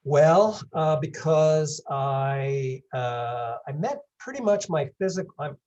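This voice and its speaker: An Englishman in his seventies gives an online presentation with Q&A over a video call as a guest speaker, rambling, self-correcting, and showing wry humor. His voice is a little high and slightly mellow, with lively intonation and a slow pace. The recording sounds muffled.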